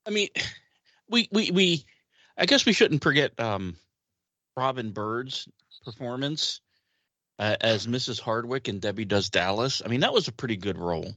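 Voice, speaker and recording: A man with a lively, animated voice that moves up and down, and a bright, forward tone. He is a podcast co-host, chatting casually and making wry jokes. The sound is dry, with no room echo. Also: medium pitch, normal speed, pauses often. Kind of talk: casual chat.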